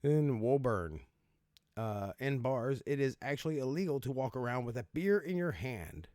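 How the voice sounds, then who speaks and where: A man's voice: mid-range voice, lively intonation, moderate pace, a little mellow, no room sound, studio quality. A man hosting a casual comedic commentary, sarcastic and profane, laughing as he riffs with mock voices. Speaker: host reacting to odd laws.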